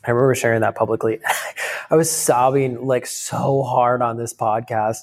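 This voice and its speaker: A man in his thirties, an interview guest, telling a heartfelt personal story in a rapid, casual way full of fillers. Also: mid-range voice, steady tone. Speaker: podcast guest.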